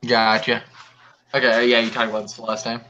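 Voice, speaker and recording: A man's voice: medium pitch, monotone, moderate pace, pushed and bright. A man from upstate New York bantering crudely and mockingly, joking brashly and laughing easily. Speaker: podcast co-host. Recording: lo-fi voice call with faint noise.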